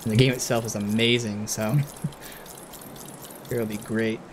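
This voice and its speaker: A man's voice: fairly low pitch, takes it slowly, a little hiss or hum. Man thinking aloud over gameplay. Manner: thinks aloud, bursts of excitement. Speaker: streamer. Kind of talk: casual gameplay commentary.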